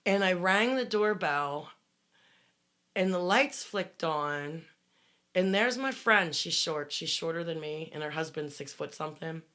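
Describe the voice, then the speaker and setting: A middle-aged woman telling a dramatic personal story on a podcast, swearing freely and rising to loud bursts. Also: deep voice, expressive, a little slow. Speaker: guest telling her story.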